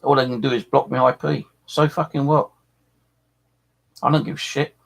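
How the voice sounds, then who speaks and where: Brief: husky-voiced streamer, furious rant, lots of swearing and repetition. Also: male voice, medium pitch, steady tone, normal speed. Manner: angry, swearing, repeating himself. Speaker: paranormal live streamer. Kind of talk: angry live-stream rant.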